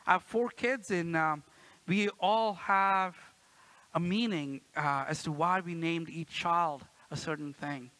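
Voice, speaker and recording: A man's voice: a little high, slow pace, bright, forceful tone, no echo, low-quality recording. A man in his thirties preaching a sermon in a church, chatty and playful, often asking the congregation "right?" and acting out quotes. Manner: playful, acts out quotes with a raised voice. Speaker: pastor.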